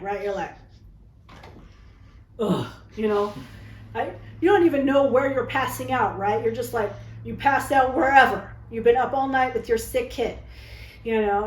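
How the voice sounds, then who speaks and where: A woman's voice: on the high side, reverberant, poor audio. A woman vlogger telling a personal story to camera in a candid, dramatic, chatty way, often tagging her lines with "okay?". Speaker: vlogger telling dating stories.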